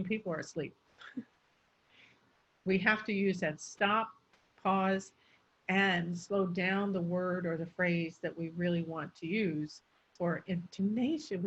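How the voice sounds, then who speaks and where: Middle-aged woman, pronunciation coach, measured teacherly delivery, mid-pitched voice, lo-fi audio. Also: fairly bright tone. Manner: clear, teacherly, pauses before key words. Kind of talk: explaining pronunciation in a guest interview. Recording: slightly dull, lo-fi sound.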